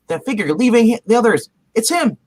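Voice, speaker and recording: A fan reading as a quippy young superhero, lively pitch, casual read-aloud, stumbles over words. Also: a little fast, natural voice, rough recording. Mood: determined. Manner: reads with stumbles and laughs. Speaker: comic reader.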